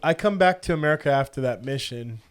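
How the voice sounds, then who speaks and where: Middle-aged male podcast host; lively storyteller who voices the characters himself. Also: medium pitch, fast talker, soft background music. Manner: animated, quotes people in the story. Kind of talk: casual storytelling.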